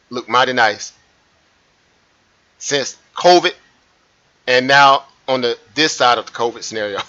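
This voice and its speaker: A bright-voiced man with a medium-pitched voice hosts a trading livestream, giving live market commentary over a chart. He's animated, repeats himself, and poses rhetorical questions to viewers, all in muffled lo-fi stream audio.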